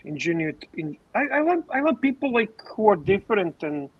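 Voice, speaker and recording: A man's voice: high-pitched, big pitch swings, fairly quick, slightly rough, no room sound, phone-quality sound. A man co-hosting a casual livestream, earnest, often repeating his phrases. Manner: repeats himself, earnest and musing. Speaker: livestream co-host.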